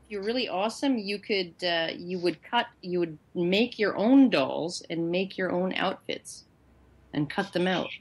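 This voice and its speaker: A woman's voice: lowish voice, a little slow. A woman on a podcast panel, speaking casually with a sarcastic, mocking edge.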